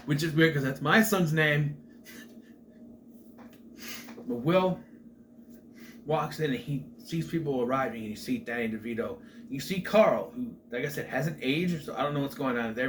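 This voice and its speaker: A man's voice: mid-range voice, normal speed, long pauses. A middle-aged man casually recapping a film as a show host, rambling with chatty asides and restarts. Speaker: movie review host. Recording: faint background noise.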